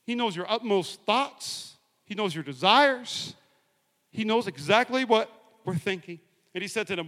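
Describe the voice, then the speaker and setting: A man preaching a lively sermon in a large church, joking and rallying the congregation. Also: sits high, measured pace, big-room sound. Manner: energetic, joking, rallying the crowd with call-and-response. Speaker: pastor.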